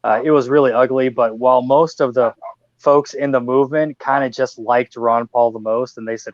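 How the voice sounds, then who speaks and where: A man hosting a podcast over a video call, chatting casually in an animated, joking, rambling way. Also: mid-range voice, normal speed, dry recording, lo-fi sound. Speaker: podcast host. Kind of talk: casual chat.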